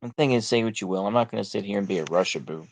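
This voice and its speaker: A man's voice: lowish voice, very fast. Blunt rambling man with a Texan accent. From United States. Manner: rambling, many fillers and repeated "like I say"; blunt, sarcastic, profane. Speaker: political commentary vlogger. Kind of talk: casual monologue.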